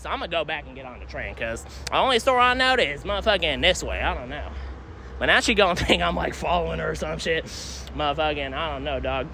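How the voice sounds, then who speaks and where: A man's voice: a little high, animated, fast, vocal fry, bright, forceful tone. Rambling young man streaming from a city street. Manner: rambling slangy talk, heavy swearing, frequent "I don't know, homie". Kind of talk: casual live-stream vlog. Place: outdoors on city streets and a train station. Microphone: phone held while walking. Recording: faint street noise from outside.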